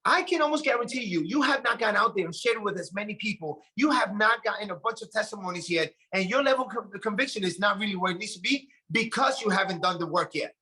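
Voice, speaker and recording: A man's voice: sits high, lively intonation, quick pace, hardly any pauses, sharp tone. A man giving a motivational talk to his team on a video call, urging and preaching. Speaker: network marketing team leader.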